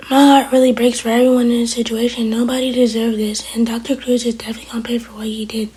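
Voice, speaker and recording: A woman's voice: fairly high pitch, mellow. A woman recapping a TV episode in a casual, half-whispered way, retelling scenes by quoting the characters. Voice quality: very breathy, half-whispered delivery. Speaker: TV episode reviewer.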